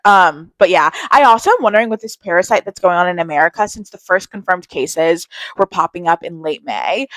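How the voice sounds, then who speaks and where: A woman's voice: lowish voice, fairly bright tone, dry recording, low-quality recording. A young woman in casual vlog chat, telling candid stories about her day and swearing freely. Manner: chatty storytelling, candid and swearing. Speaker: vlogger.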